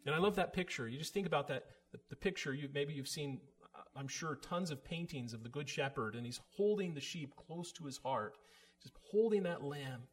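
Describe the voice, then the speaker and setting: A man's voice: a little high, animated, normal speed. A man preaching a sermon in an earnest, emphatic way, voice rising for emphasis.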